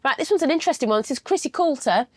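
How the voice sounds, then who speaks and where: Female co-host, chatty storyteller, slightly high, dry close sound. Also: lively intonation, racing, no room sound. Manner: chatty, reads out viewers' stories. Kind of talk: casual chat.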